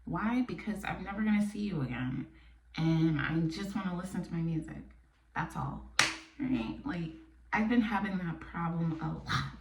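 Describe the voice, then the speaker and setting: A woman from New York hosting her own podcast, talking candidly and bluntly, sometimes dropping to a soft near-whisper. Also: fairly low pitch, normal speed, very noisy. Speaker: podcast host. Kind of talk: casual personal monologue. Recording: echoey room, mic a bit distant.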